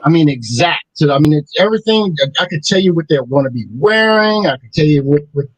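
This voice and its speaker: A man's voice: a little high, expressive, a little fast, no room sound, rough recording. A man in a casual panel chat, talking hesitantly with many fillers and restarts.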